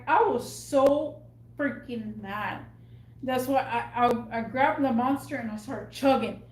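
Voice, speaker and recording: A woman's voice: a little high, reverberant. A woman who works in a store, telling an agitated, cursing story with stammered restarts. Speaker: retail store worker. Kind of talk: ranting storytime vlog. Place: at work in a store.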